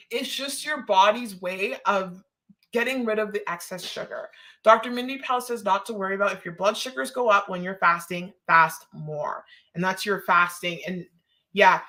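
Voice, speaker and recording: A woman's voice: mid-range voice, bright, forceful tone. A woman hosting a live stream, chatting casually and rambling, laughing often and answering viewer comments.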